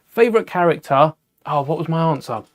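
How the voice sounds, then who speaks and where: Speaking in a fairly high, brisk voice, this British man runs a live Lego stream full of relaxed, offhand chatter. He muses aloud while building and pauses now and then to respond to viewer questions.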